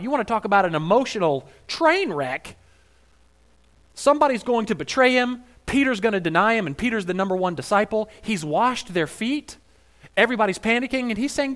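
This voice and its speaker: With a high-sitting voice, this pastor gives a wry, conversational sermon. He retells scenes humorously and swings back and forth between hushed and forceful passages.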